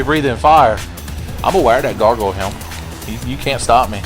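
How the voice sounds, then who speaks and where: A man's voice: mid-range voice, moderate pace, pauses often. A man giving sarcastic, profane let's play commentary, taunting the enemies he fights. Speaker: gaming commentator. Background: faint game music.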